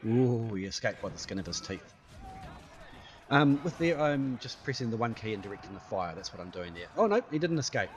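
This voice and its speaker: A man talks through his gameplay as it happens, chatty and playful, tossing in little sound effects. His pitch swings widely and his delivery stays lively. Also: a little fast, slight background noise. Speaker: gaming YouTuber. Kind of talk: live gameplay commentary.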